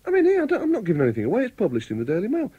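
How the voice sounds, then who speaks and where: A man chatting on the radio as the weekly guest, animated and teasing as he tells stories. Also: high-pitched, very fast, breathy edge, no room sound, muffled recording. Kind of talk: comic radio chat. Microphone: studio microphone.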